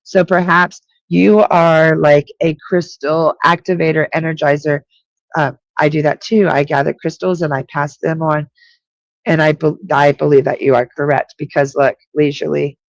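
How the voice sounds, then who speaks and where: A woman hosting a live psychic reading session, her voice gravelly with a dry, close sound. She speaks directly to each listener and repeats key points for emphasis. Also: low voice, dry recording. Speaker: psychic reader. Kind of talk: live-stream intuitive reading.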